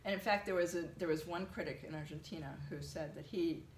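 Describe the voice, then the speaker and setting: Woman, low voice, animated storyteller, echoey room. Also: fast talker, a little hiss or hum. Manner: animated storytelling, many fillers. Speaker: translator, interviewee. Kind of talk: conversational interview.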